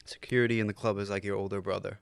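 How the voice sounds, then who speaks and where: A man's voice: fairly low pitch, level tone, racing, gravelly, smooth, dry recording. A young man co-hosting a podcast in casual chat, laid-back and offering friendly advice. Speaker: podcast co-host.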